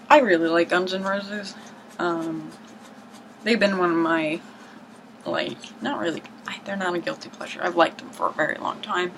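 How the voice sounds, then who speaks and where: Showing off her record collection, a vlogger with a somewhat low voice rambles casually to the camera, dropping into hushed asides and mock-dramatic outbursts. The low-quality home video, recorded on the camera's built-in mic in a room at home, has a clear hiss throughout.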